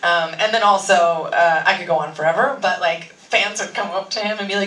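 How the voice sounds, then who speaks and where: A woman, an actress on a convention panel, telling rambling, lively anecdotes and laughing often. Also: mid-range voice, brisk, hardly any pauses. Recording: echoey hall, far-off mic.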